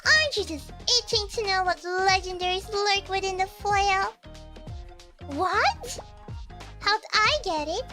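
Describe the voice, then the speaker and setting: A woman's voice: very high-pitched, animated, a little slow. A woman voicing a mischievous, bratty teenage schoolgirl who teases and whines in a giggly way. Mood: excited. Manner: teasing, whiny, giggly. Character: mischievous bratty teen schoolgirl, cheeky and carefree. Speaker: streamer reading game dialogue. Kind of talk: voicing game story dialogue. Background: background music.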